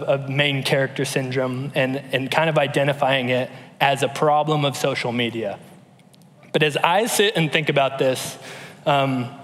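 A man in his thirties delivers a relaxed, story-driven sermon, stumbling into restarts and fillers as he talks. His voice sits a little high for a man. A long reverb from the big hall trails behind every phrase. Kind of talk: conversational sermon.

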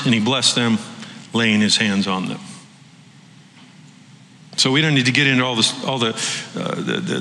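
A man preaching a sermon, animated, acting out the voices he quotes. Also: mid-range voice, echoey room, big-room sound, low-quality recording. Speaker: pastor.

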